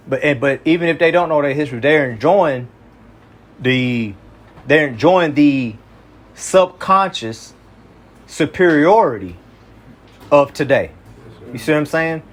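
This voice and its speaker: A man from Kentucky leading a small group Bible study in a casual, slangy way, often checking that listeners follow him. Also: mid-range voice. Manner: slangy, conversational, often asks "you see what I'm saying".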